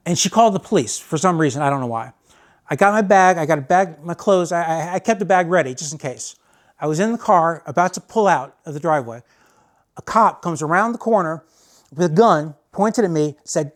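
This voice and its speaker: Guy rambling thru a personal story, kinda high voice, acts out the quotes. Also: expressive, a little fast. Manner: candid, rambling with restarts and acted quotes.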